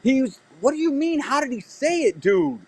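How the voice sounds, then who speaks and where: A man's voice: very high-pitched, very animated, normal speed, darkish tone. A man calling into a talk show, defensive and exasperated, swearing as he pushes back. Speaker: caller. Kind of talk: heated call-in argument.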